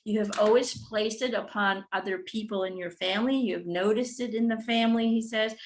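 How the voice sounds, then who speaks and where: A woman's voice: mid-range voice, steady tone, brisk, slight background noise, poor audio. A woman giving a channeled spiritual reading, relaying a guide's messages with frequent "he says" and ums. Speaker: spiritual reader.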